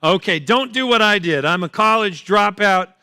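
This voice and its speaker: A middle-aged man does stand-up at a live fundraiser, bantering loudly with the audience. His voice sits high and rings very bright. The sound is dry and close. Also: animated, moderate pace, smooth, no echo. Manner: loud, teasing, punchy crowd work. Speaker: comedian performing at a fundraiser. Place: event hall, live on stage.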